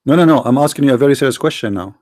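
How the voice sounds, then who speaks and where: A man's voice: mid-range voice, animated, racing, a little mellow, no room sound, studio quality. A man with an Arabic accent hosting a live call-in debate stream, asking insistent, challenging questions. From Middle East. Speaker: debate livestream host.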